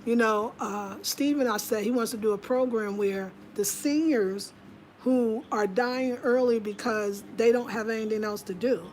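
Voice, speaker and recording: American lady vlogging from home, chatty, faint hiss behind her, talks in a higher voice. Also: a little slow, a little mellow. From United States. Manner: chatty, emphatic, slips into voices to quote people. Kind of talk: casual monologue.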